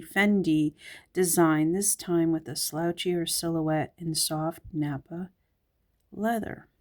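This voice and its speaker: A woman's voice: on the low side, a little mellow. A woman with a Southern US accent, casually flipping through a magazine and giving a musing commentary as she thinks aloud. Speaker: magazine reviewer.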